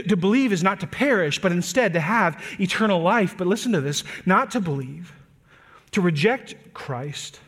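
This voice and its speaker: A male pastor preaching a sermon in a slightly high voice. He speaks earnestly, stretching out words and raising his voice to stress key points. He also sinks into a hushed, gentle tone for tender moments. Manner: earnest preaching, slows and lifts voice for emphasis; drops to soft, quiet delivery on tender points.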